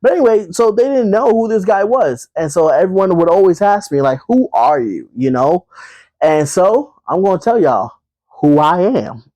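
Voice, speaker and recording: A man's voice: high voice, animated, normal speed, warm tone, no room sound, rough recording. A man hosting his own podcast, talking casually and straight to his listeners, with lots of fillers and repeated phrases. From Brooklyn, New York. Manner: chatty, addresses listeners as y'all, many fillers and repeats. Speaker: podcast host. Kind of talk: casual solo podcast monologue.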